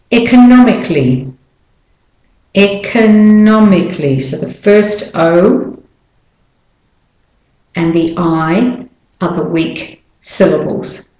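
A woman teaching pronunciation, slowly modelling each word and checking in with a rising "yeah?". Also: on the low side, a little mellow. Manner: slow, carefully drawn-out model words. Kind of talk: slow pronunciation lesson. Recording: echoey room.

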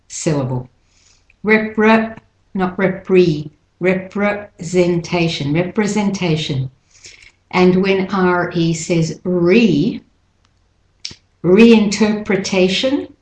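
Brief: woman, pronunciation teacher, unhurried delivery, repeats words syllable by syllable, echoey room. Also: fairly low pitch, darkish tone. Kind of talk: slow, deliberate pronunciation lesson.

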